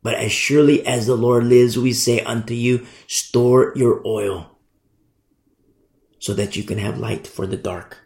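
A man preaching a sermon with fervent emphasis, swinging between loud declarations and hushed asides. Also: medium pitch, steady tone, unhurried, vocal fry. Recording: echoey room.

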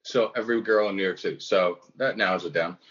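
A man's voice: deep voice, fast, fairly bright tone. A man co-hosting a casual comedy podcast, teasing his friend with dry quips and short reactions. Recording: slightly dull lo-fi audio.

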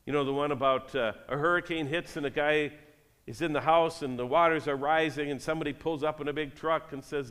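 A man's voice: a little high, fairly even intonation, brisk, fairly bright tone, clear, resonant tone, long reverb tail. A man, a pastor, giving a sermon. He reads scripture aloud and then speaks directly to the congregation.

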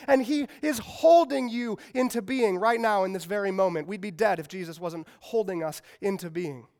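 A man preaching a sermon to a congregation, emphatic and repeating key phrases, building to loud peaks and dropping to quiet, slow emphasis. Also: sits high. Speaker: pastor. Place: church service.

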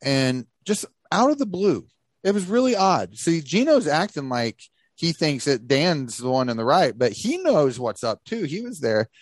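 A man tells a story on his podcast with a lively, swinging pitch, and he jumps up high whenever he imitates someone. The sound is close and dry, with a slightly raised voice. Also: a little slow, dry recording. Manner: animated, acts out quoted voices in a high pitch. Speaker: podcast host telling a story. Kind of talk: casual storytelling chat.

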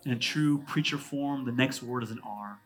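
A man in his thirties, a pastor from California, preaching a sermon. He jumps between loud, emphatic lines and hushed asides, with quick, conversational humor. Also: medium pitch, soft background music.

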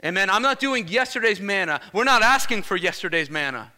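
A male pastor preaching a lively sermon, energetic and casual, calling out "Amen?" to the congregation. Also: high-pitched, fairly quick. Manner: energetic, casual slang, repeated "Amen?" calls.

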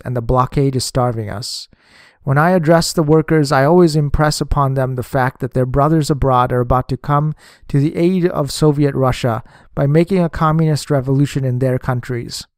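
A man's voice: on the high side, no room sound, studio quality, natural voice. A man voicing an insistent, irritable male communist official who argues heatedly. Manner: argumentative, hot-tempered.

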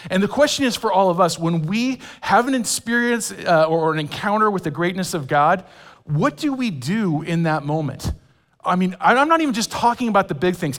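A man from California preaching a sermon as a men's pastor, conversational with humorous asides. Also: high-pitched. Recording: long reverb of a large hall.

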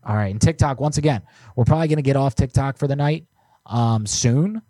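A prank call stream's male co-host talks briskly in a dark, mid-range voice, with no room sound. He reads out viewer submissions, joking and chatting in a laid-back way.

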